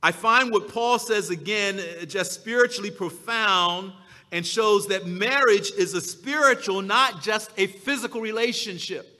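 Slow, bright-voiced male preacher. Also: high-pitched, big-room sound. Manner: slow, emphatic preaching with drawn-out key words. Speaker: pastor. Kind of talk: sermon.

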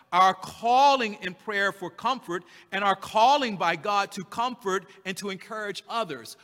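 A man delivers a sermon in a high, bright voice that carries a sharp edge. He repeats his key phrases and stretches out the verses he reads, pressing each point home. His words hang in a long reverb from a large hall. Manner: slow emphatic repetition, drawn-out scripture readings. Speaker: pastor.

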